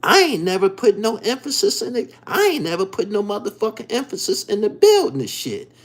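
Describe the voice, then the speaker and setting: Husky male host, animated swooping delivery, heated and profane monologue. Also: high-pitched, brisk. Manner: profane, repetitive, heated, keeps asking "you dig". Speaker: podcast host. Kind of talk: ranting monologue.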